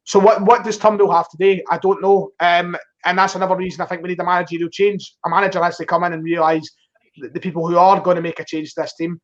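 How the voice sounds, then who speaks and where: A Scottish man talks fast as a guest in a casual football chat, his voice set fairly high. He jokes around and keeps it chatty. The online call audio sounds dull and lo-fi. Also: little pitch movement. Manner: chatty, joking, fast talking.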